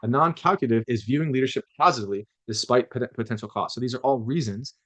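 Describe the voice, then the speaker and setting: A man's voice: medium pitch, fast, fairly bright tone. A man lecturing a class on leadership, talking conversationally, often restarting and acting out quotes.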